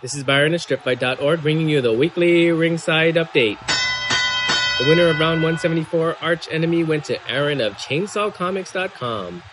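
A man's voice: a little high, moderate pace, over music, rough recording. A man presenting a weekly competition update in a scripted, announcer-like read with punchy emphasis. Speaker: segment presenter.

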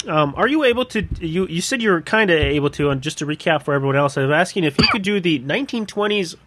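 Podcast host guy, kinda high voice, rambly, lots of um and uh, laughs a bunch. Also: animated, fast talker, noisy background. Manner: rambling, laughs often, many fillers. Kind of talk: casual chat.

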